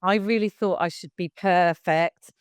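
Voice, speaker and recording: A woman's voice: on the low side, steady tone, unhurried, clear, resonant tone, dry recording. A woman in her fifties, a baby music class leader, chatting frankly as a podcast guest and swearing casually. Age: 50s.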